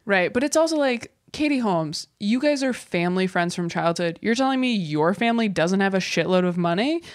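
A woman's voice: medium pitch, a little fast, no room sound, studio quality. Chatty, opinionated woman co-host. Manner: animated and opinionated, heavy use of "like". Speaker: podcast co-host. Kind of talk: casual chat.

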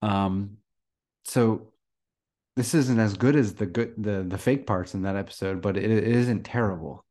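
A man's voice: lowish voice, a little slow. A man co-hosting a podcast, chatting casually about a TV episode and chuckling often. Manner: relaxed, chuckles often, frequent restarts. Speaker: podcast co-host. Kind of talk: casual chat.

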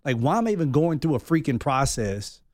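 A man's voice: on the high side, big pitch swings, brisk, no echo, studio quality. A man in his thirties, a podcast guest, talking openly and reflectively in a candid personal conversation, thinking aloud as he goes.

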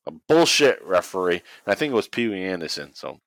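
A man's voice: deep voice, sing-song, brisk, fairly bright tone, no echo, rough recording. A man co-hosting a casual podcast, recapping a match play by play with profanity, frequent laughs and goofy impressions. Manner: profane, laughs often, does silly voices. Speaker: podcast co-host recapping wrestling.

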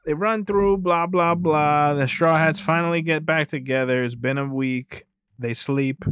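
A man's voice: a little high, steady tone, unhurried, a bit bright, smooth. A man co-hosting a podcast, recapping an anime film in casual chat. He rambles, swears freely, laughs often, and skims past details with "whatever.". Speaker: podcast co-host.

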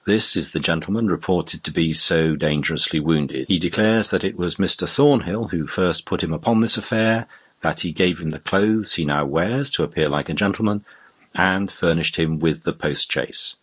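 A man voicing a sly, brash male rogue in an audiobook reading, speaking with a husky voice. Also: sits low, normal speed, a bit bright.

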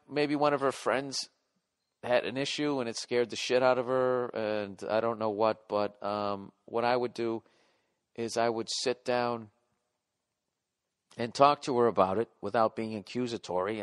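A man's voice: lowish voice, steady tone, normal speed. A middle-aged man hosting a podcast, reading listener letters aloud and answering them in a blunt, profane, rambling way. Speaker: podcast host.

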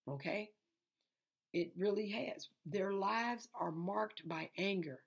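A woman's voice: mid-range voice, takes it slowly, gravelly, husky. A tired woman, preaching an informal lesson, repetitive and conversational. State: tired and sleepy. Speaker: preacher hosting an online Bible lesson. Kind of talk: informal sermon.

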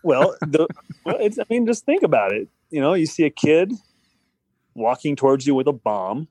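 A man's voice: a little high, very animated, moderate pace, darkish tone, breathy edge, no room sound. A man co-hosting a casual podcast, earnestly arguing his point.

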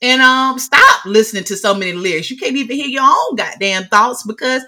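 Bright, animated woman co-hosting a podcast. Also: on the high side, fairly quick. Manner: animated, swearing, loud exclamations. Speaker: podcast co-host. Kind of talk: casual chat.

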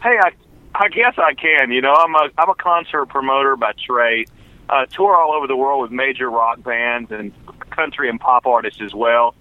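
A man's voice: mid-range voice, normal speed, no room sound. Southern man on a tinny phone line. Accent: Southern American. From Tennessee, USA. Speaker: phone-in guest, concert promoter. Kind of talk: casual radio chat.

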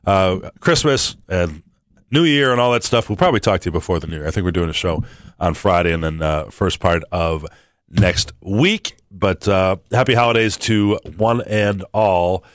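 A man hosting a sports radio show in casual chat, halting with fillers and restarts. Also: low-pitched, dry recording, clean studio sound. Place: radio studio. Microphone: studio mic.

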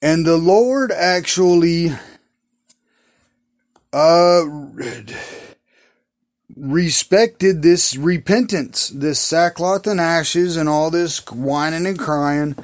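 Man, casual bible storytelling, folksy, slangy, rambling, unhurried. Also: fairly high pitch.

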